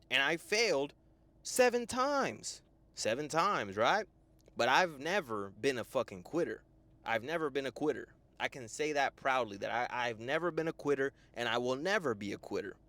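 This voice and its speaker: Animated young man giving a pep talk. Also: mid-range voice, moderate pace, no room sound. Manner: animated, profane, full of "right?" tags. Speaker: men's life coach. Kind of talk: motivational monologue.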